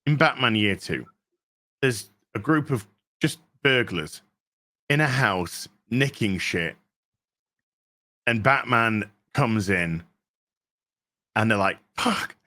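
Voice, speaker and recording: Blunt man with a bright voice. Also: lowish voice, expressive, slow pace, long pauses. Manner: blunt, profane, scathing critique. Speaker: co-host. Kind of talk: casual podcast chat.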